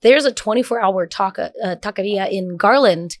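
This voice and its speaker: A woman's voice: mid-range voice, moderate pace. A woman on a podcast, telling stories in casual chat. She swears freely and acts out the people she quotes. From north Texas. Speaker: podcast guest.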